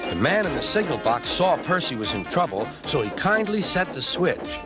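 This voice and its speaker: Man narrating storybook, very sing-song, music under the voice. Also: moderate pace. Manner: lively, very animated pitch.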